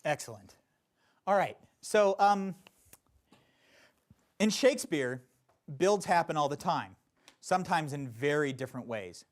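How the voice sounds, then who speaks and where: A man teaching a Shakespeare acting class, explaining verse in an animated way with playful asides. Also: a little high, measured pace, pauses often. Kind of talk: classroom instruction.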